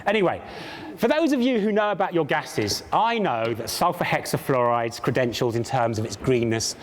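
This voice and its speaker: Animated man doing comic science patter. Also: mid-range voice, a little hiss or hum. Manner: jokey, theatrical patter with mock pomposity. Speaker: science show presenter. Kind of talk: comic live science demonstration. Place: live stage show at a large public event.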